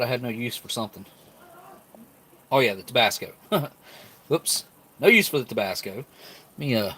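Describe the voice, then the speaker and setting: A man's voice: medium pitch, a bit bright, a little hiss or hum. A man hosting a casual live-stream food review, rambling and laughing often while he talks with his mouth full.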